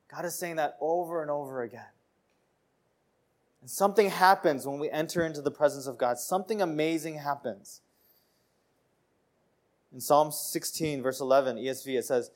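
A man's voice: a little high, normal speed, pauses often. A man preaching a sermon in an earnest, conversational way, repeating phrases and restarting sentences.

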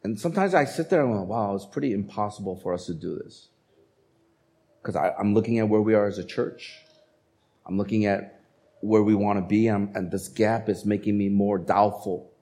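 A man preaching a sermon as a pastor, speaking in a conversational, animated way and acting out quotes. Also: fairly low pitch, a little fast.

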